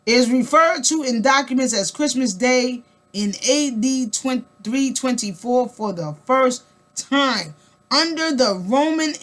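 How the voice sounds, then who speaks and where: A woman vlogger's high, slightly bright voice carries a casual spoken monologue. She speaks emphatically and colloquially, repeating words, asking rhetorical questions, and rambling with restarts.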